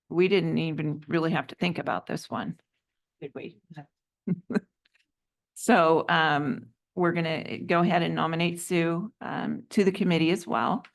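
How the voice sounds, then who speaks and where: A woman on a city council, reading applicants' letters aloud at a meeting, hesitant, with many ums and slips. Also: fairly low pitch. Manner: hesitant, many ums, trips over words. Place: council chamber.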